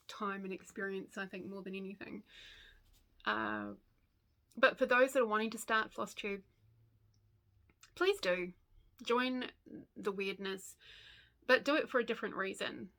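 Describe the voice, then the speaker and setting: A grandmother in her fifties with a New Zealand accent, chatting casually to camera about her stitching, going off on tangents and laughing often. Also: mid-range voice. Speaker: stitching vlogger.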